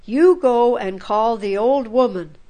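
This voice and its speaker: A woman's voice: on the high side, slow pace, dark tone. A woman voicing a bossy male village headman giving orders. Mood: commanding. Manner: commanding.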